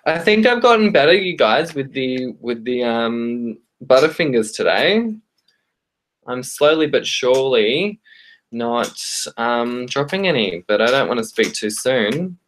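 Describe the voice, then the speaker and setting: This Australian tarot reader gives chatty, warm live-stream readings, her medium-pitched voice expressive, though she frequently stops on ums and restarts her phrases.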